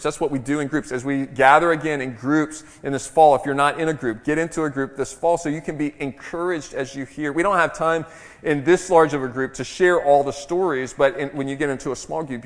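Earnest pastor with slightly high voice. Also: male voice. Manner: earnest, teaching, often restarts words. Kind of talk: sermon. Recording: long hall reverb.

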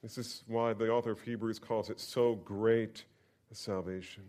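A man preaching a sermon to his congregation, swinging between loud emphatic bursts and hushed near-whispers and leading them in call-and-response. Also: on the low side, fairly even intonation, normal speed. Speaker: pastor. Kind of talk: expository sermon.

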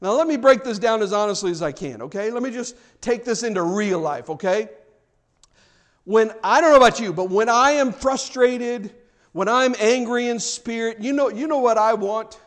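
A man with a high, light voice preaches a sermon to his congregation. He talks in a relaxed, chatty way and jokes with the people in front of him. He builds to fervent, pressing emphasis as the sermon goes on. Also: moderate pace. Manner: conversational, rising to fervent emphasis. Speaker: pastor.

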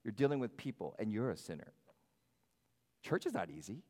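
A man's voice: fairly low pitch, fairly quick. Man preaching in a reverberant hall. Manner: animated, varies loudness, acts out quoted voices. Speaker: pastor. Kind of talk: sermon. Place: church sanctuary.

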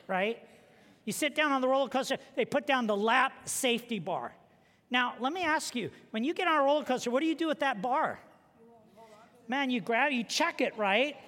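A male pastor with a very high, bright voice delivers a sermon full of lively stories and humor. His voice rings out with a long reverb in a large church hall. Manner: animated storytelling with humor.

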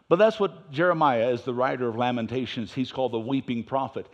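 A man preaching a sermon in church, swinging between loud emphasis and quiet asides. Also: mid-range voice, fairly quick, hardly any pauses, dull audio. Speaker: pastor.

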